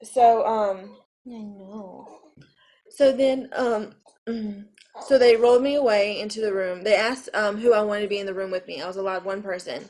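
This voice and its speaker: A woman's voice: mid-range voice, moderate pace, a little mellow. A young woman in her twenties from Arizona tells her own story to the camera in a rambling, emotional way, with many fillers and restarts. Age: 20s. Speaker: vlogger telling her birth story.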